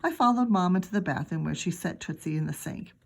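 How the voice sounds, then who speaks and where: A middle-aged woman teacher reading a children's book aloud with expressive, chatty asides. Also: fairly low pitch, quick pace, vocal fry. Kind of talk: read-aloud storytelling for children.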